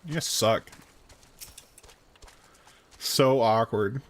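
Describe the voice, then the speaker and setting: A man's voice: mid-range voice, extremely slow, a little hiss or hum. A man streaming a game, making crude jokes and laughing as he plays. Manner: crude, joking, laughs often. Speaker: gaming streamer. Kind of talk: casual gameplay commentary.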